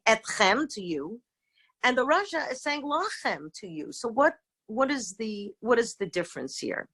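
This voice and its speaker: A woman in middle age leads an informal teaching session over a video call. Her voice sits at an ordinary middle pitch. She speaks haltingly, filling gaps with ums and starting phrases over. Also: a bit bright. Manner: halting, many fillers and restarts. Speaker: rabbanit teaching a seder talk. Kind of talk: informal virtual lecture.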